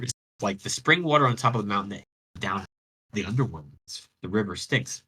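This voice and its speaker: A man's voice: on the low side, expressive, fairly quick, bright, forceful tone, slightly rough, rough recording. A man hosting a radio show, retelling a myth in a rambling, slangy way with many restarts over online voice chat. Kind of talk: casual storytelling retelling of a myth.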